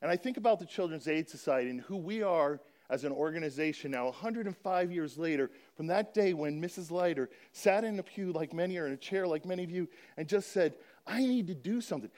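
A man speaking to a church congregation about a children's charity, explaining and slowly reading scripture aloud in an earnest manner. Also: a little high, a little mellow.

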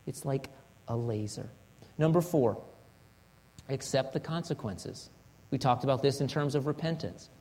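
A man's voice: mid-range voice, moderate pace, pauses often, darkish tone. A man preaching a sermon in an earnest manner, asking rhetorical questions and acting out example confessions. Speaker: pastor.

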